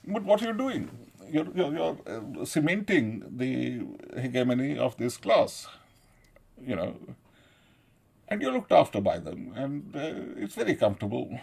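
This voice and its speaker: Gravelly middle-aged man. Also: medium pitch, very animated, unhurried, a little mellow. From South India. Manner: profane, digressive, laughs often between points. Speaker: commentator. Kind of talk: rambling political monologue.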